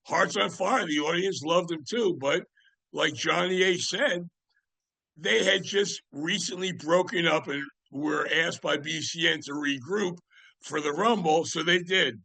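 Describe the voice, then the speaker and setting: A man's voice: fairly high pitch, measured pace, gravelly, pushed and bright, no room sound. A man in his seventies, a podcast guest telling long, rambling stories about music with many fillers and restarts. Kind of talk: casual anecdotal storytelling.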